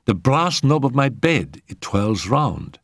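A man reading a story aloud, voicing an excitable, scheming young French girl in a raised, eager voice. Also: mid-range voice, slow pace, no echo, studio quality, pitched above the performer's own voice.

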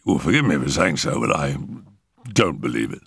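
A man voicing a calm, matter-of-fact older doctor who soothes a troubled patient, in a storybook reading. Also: very deep voice, gravelly, husky, no room sound, studio quality, pitched below the performer's own voice, exaggerated voice. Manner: unhurried, wry, matter-of-fact. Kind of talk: audiobook character reading.

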